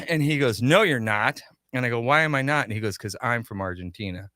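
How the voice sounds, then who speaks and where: A man guesting on a radio talk show, telling stories about his shop with lively quoted dialogue, in a studio. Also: mid-range voice, fairly quick, dry recording. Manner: animated anecdotes with quoted dialogue. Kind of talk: casual radio interview storytelling.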